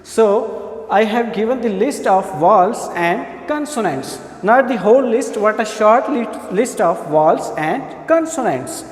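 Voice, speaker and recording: Slow-speaking Punjabi-accented male teacher. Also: sits high, animated. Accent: Punjabi-accented English. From Pakistan. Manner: slow, explanatory, with repeated examples and fillers. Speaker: English teacher. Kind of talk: spoken pronunciation lesson. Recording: echoey room with long reverb.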